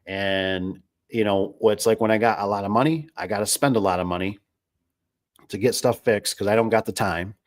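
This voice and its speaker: A man's voice: on the low side, fairly even intonation, moderate pace, no echo, studio quality. A man who runs a garage door business, chatting casually to viewers in a rambling, folksy way full of fillers. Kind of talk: casual livestream chat.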